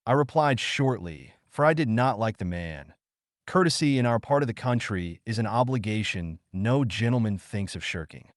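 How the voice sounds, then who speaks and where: A man narrating an audiobook in a measured, suspenseful storytelling manner. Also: on the low side, expressive, no echo, clean studio sound.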